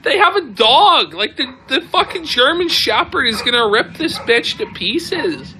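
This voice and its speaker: High bright excitable woman. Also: measured pace, slight background noise. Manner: excitable, exclaiming, swears often. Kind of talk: excited live commentary on a video.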